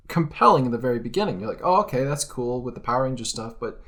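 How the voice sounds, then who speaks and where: A man's voice: medium pitch, animated, quick pace, sharp tone. A young man chatting casually during a game session, hesitant and trailing off as he gathers his thoughts. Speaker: let's play co-host. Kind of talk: casual gaming chat.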